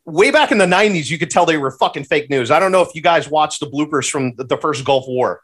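A man in casual podcast conversation, ranting with profanity and animated exclamations. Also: fairly high pitch, fast, slightly rough. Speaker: podcast guest.

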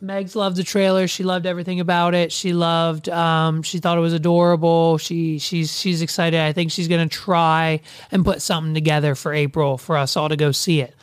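A woman's voice: on the low side, no room sound, studio quality. A woman hosting a casual podcast, rambling loosely, with lots of fillers, restarts and swearing. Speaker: podcast host. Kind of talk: casual chat.

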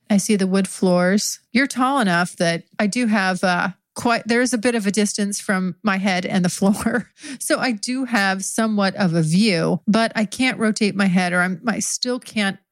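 A woman hosting an adult podcast, telling an improvised first-person story in a candid, profane way and laughing often as she goes. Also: mid-range voice.

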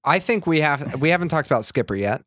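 A man's voice: a little high, animated, fast talker, fairly bright tone, no echo, clean studio sound. A man co-hosting a podcast, tossing out crude, laughing banter in casual chat. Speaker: podcast co-host.

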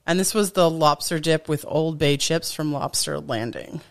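A woman's voice: deep voice, steady tone, normal speed, creaky. A woman co-hosting a podcast in casual chat, talking freely with lots of fillers and restarts. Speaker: podcast co-host.

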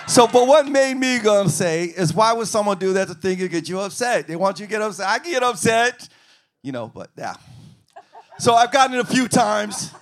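Animated man telling a panel story. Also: high-pitched, a little fast, a little hiss or hum. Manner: animated, swings into loud shouting impressions. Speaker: band member on a fan panel.

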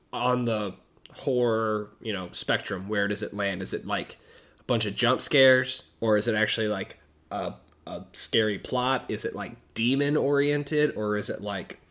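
A man co-hosting a podcast in casual chat, animated and full of questions. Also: fairly low pitch. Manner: animated, asks many questions. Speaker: podcast co-host.

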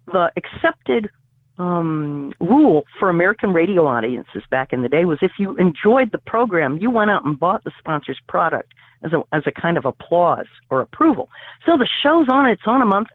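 A woman who teaches college tells a radio-history story with lively energy. She wanders into asides and restarts her sentences, and her fillers come thick. The sound is thin and phone-like, dry and close, with no room around it. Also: lowish voice, dry recording.

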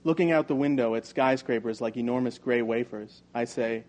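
Man reading a novel, even and measured. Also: medium pitch. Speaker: audiobook narrator. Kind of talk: first-person novel reading.

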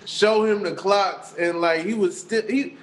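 Male co-host, high-pitched, laid-back joker in casual chat. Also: unhurried. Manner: laid-back, joking banter.

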